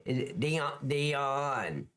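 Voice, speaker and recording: A man's voice: mid-range voice, expressive, extremely slow, fairly bright tone, smooth. Joking, crude middle-aged male streamer. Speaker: livestream host. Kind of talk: casual live-stream chat with viewers.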